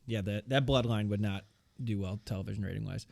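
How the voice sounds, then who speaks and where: A man co-hosting a podcast in casual chat, sardonic and quick to swear. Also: on the low side, fairly even intonation, creaky, darkish tone, dry recording, clean studio sound. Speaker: podcast co-host.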